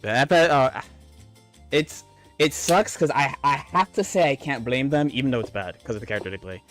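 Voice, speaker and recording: Male streamer, running commentary on his own play, frustrated and profane, game music clearly audible underneath. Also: medium pitch, moderate pace, a bit bright. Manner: frustrated, swearing, talks to opponent. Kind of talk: live gameplay commentary.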